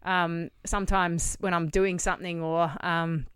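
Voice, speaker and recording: A woman's voice: fairly low pitch, flat delivery, measured pace, fairly bright tone, clean tone, no room sound. An Australian woman talking as a podcast guest, candid and blunt, swearing casually as she tells her story. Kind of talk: candid interview conversation.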